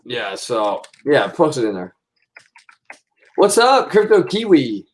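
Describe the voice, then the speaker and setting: A man hosting a casual livestream, talking in a rambling, excitable way full of swearing. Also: mid-range voice, takes it slowly. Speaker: livestream host.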